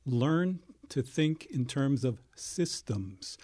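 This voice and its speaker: A man talking as a guest in a studio, explaining things in a measured, step-by-step way. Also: mid-range voice, expressive, dark tone.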